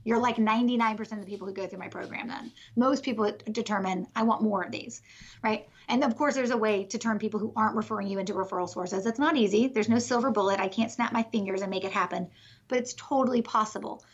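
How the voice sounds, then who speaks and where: A woman's voice: medium pitch, fast, husky, highs cut off. A woman guest on a podcast interview, a business coach explaining her method with energy and conviction.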